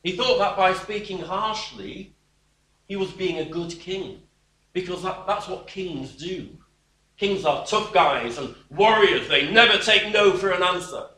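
A male preacher with a bright, fairly high voice delivers a sermon that expounds scripture. He is emphatic and wry. His voice rings around an echoey room and sounds distant from the mic. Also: measured pace. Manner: emphatic and expressive, with wry dismissive asides.

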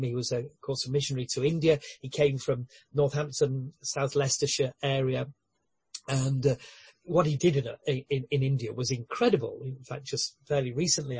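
Husky-voiced man preaching a sermon. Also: on the high side, a little mellow, dry recording. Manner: earnest, with light humorous asides; frequent word repetitions and restarts.

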